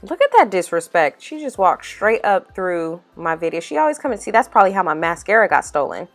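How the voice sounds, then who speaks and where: A young woman chatting casually as a makeup vlogger, animated and full of "y'all" and "like.". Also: lowish voice, a little fast. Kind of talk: casual voice-over chat. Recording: faint music underneath.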